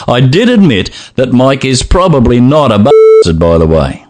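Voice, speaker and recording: A man hosting a podcast in casual chat, animated and often laughing as he reads messages aloud. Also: medium pitch, normal speed, hardly any pauses. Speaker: podcast host.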